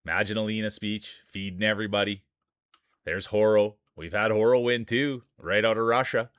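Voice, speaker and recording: A man's voice: lowish voice, fairly even intonation, normal speed, a bit bright, smooth, no echo. Male streamer-announcer, joking banter, resonant voice, dry close sound. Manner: playful, jokey announcer patter. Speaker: streamer hosting marble races. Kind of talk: live stream commentary.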